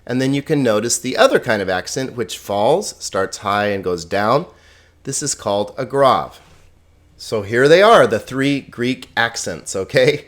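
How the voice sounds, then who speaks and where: A middle-aged man giving a recorded lesson, explaining slides in a relaxed way with plain words and small jokes. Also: mid-range voice, a little slow. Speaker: Greek teacher.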